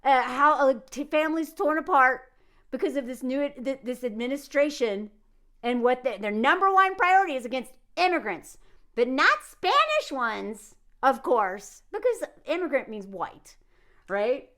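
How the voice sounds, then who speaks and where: A woman from the United States giving casual, animated commentary, sarcastic and laughing often. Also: high-pitched, unhurried. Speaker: commentary vlogger.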